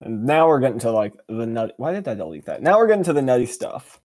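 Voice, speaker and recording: An animated man co-hosting a casual chat podcast. His voice sits at a middle pitch and leaps up when he gets excited, with a playful, jokey delivery. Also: fast talker. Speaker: podcast co-host.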